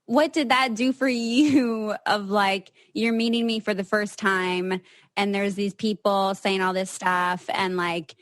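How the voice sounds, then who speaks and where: A woman's voice: mid-range voice, steady tone, measured pace, no room sound. Young woman hosting, dry close sound. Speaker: podcast host. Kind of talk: casual chat.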